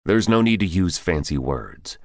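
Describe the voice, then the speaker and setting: A man voicing a calm, terse former special-forces mercenary who answers in short, respectful replies. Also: low-pitched, measured pace, dry recording, clean studio sound.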